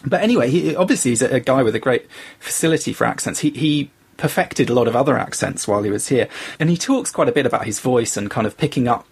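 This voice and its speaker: A man's voice: mid-range voice, animated, fast, slightly rough. A man with a London accent co-hosting a podcast, talking in a casual, hesitant way with many restarts. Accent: London English. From England. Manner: hesitant, lots of restarts and fillers. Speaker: podcast co-host. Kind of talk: casual discussion.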